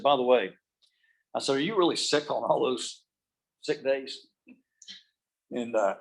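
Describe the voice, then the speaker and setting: A man's voice: medium pitch, poor audio. A middle-aged man giving a motivational speech to a room and an online audience, telling stories and dropping his voice to make a point. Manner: storytelling, drops his voice for emphasis. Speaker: motivational speaker. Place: meeting room with live and video-call audience.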